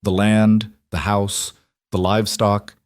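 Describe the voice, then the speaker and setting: A man voicing a quiet young cowboy stranger who stays calm and measured even when threatening. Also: fairly low pitch, no room sound, clean studio sound.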